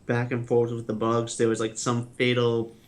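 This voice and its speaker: A man hosting a casual gaming podcast, talking in a relaxed way and laughing easily. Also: mid-range voice, moderate pace. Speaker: podcast host. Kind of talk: casual chat.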